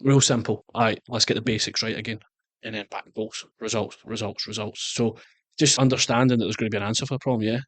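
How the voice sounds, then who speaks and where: A Scottish man in his thirties, a guest soccer coach, telling animated stories in a casual interview and slipping into quoted voices. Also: fairly low pitch, fast, no echo. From Scotland.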